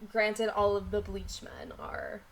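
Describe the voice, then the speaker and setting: A woman's voice: medium pitch, wildly swooping pitch, gravelly. A young woman in her twenties co-hosting a podcast, talking casually and enthusiastically. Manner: enthusiastic, quick agreeing interjections. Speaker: podcast co-host. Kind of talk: casual chat.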